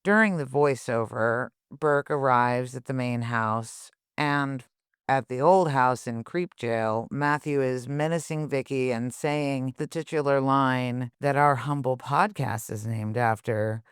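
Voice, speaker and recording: A woman co-hosting a podcast, chatting casually with quick asides and frequent laughter. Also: extremely low pitch, clear, resonant tone, dry recording, studio quality. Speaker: podcast co-host.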